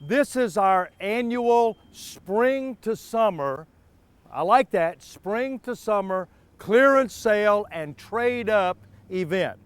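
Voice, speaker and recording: A man hosting a car sales show from an outdoor dealership lot, pitching deals in a folksy, repetitive way. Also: expressive, slow, smooth, dry recording. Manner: folksy, repeats words, stumbles.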